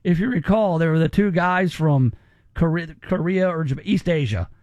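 A man's voice: on the high side, normal speed, darkish tone, no echo. A man hosting a radio talk show, chatting casually and giving his opinions in a conversational way.

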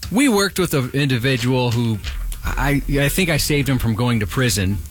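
A man co-hosting a radio show, telling a casual, halting anecdote with many restarts. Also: mid-range voice, lively intonation, faint music behind. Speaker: radio co-host. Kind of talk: casual chat.

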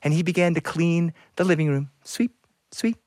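Male storyteller, animated, sound effects, dry sound. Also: on the high side, brisk, dry recording. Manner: expressive, sound effects and sudden hushes.

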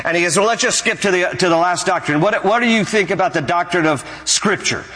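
A preacher doing a fussy quizzing angel at heaven's gate. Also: male voice, sits high, fairly quick, sharp tone, voice pushed up. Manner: bureaucratic, quizzing. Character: fussy male angel gatekeeper at heaven's entrance. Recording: echoey hall.

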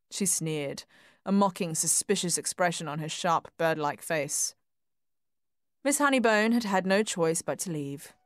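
A woman narrates a literary story in a soft, measured voice that often drops to a hush. Her voice sits a little low, and the close recording is completely dry. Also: expressive, no room sound, faint music behind. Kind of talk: scripted audiobook narration.

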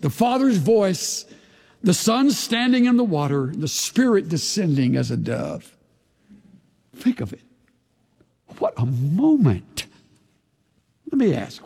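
A pastor preaching a sermon to his congregation, dramatic and emphatic, sometimes dropping to a hushed voice. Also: a little high, vocal fry, breathy edge. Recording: long reverb of a large hall.

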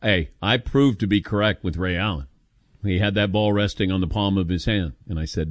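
A man's voice: a little fast, dry recording, studio quality. A middle-aged man hosting a sports talk radio show, opinionated and emphatic, taking calls from listeners. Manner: opinionated, animated, jumps in pitch for emphasis.

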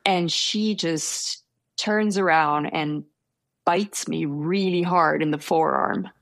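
Young woman guest, gravelly lower voice, close dry sound; hesitant, self-deprecating storyteller. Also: slow pace, fairly bright tone, dry recording. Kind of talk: casual storytelling interview.

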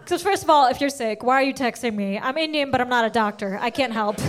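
A woman telling a stand-up story with a bright, high-pitched voice. She is animated and self-mocking, and she keeps slipping into quoted voices as she tells it. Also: fast talker. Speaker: stand-up comedian.

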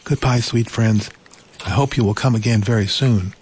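A man voicing a gentle, lonely young servant girl who speaks softly and politely. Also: lowish voice, normal speed, slight background noise, lightly acted. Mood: wistful. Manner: soft, timid and polite.

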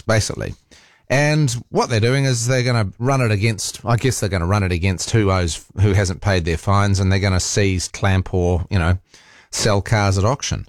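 On a studio microphone with a dry recording, a man with a New Zealand accent and a lowish voice hosts talk radio. His casual monologue rambles along with frequent fillers and restarts.

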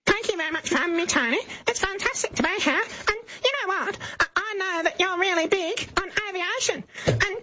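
A young man doing a comic impression of a brash, gushing middle-aged female politician, shrill and breathless. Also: brisk, pushed and bright, muffled recording, exaggerated voice. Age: young adult.

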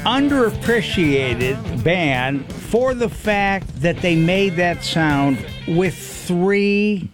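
Male radio co-host, slow and animated, guitar faintly behind. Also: high voice. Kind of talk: casual radio chat.

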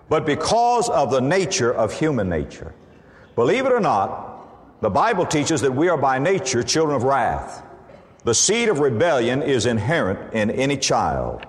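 A man's voice: mid-range voice, big-room sound. A man preaching a sermon, building to emphatic bursts and quoting scripture as he goes. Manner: preaching with rising emphatic bursts and Bible quotations. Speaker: pastor.

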